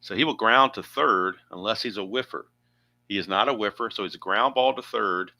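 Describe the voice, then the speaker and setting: A man with a lowish, bright and forceful voice calls his tabletop baseball game play by play. He thinks aloud as he goes, chatty and prone to wandering into asides. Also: a little fast, no room sound. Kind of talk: play-by-play narration of a dice game.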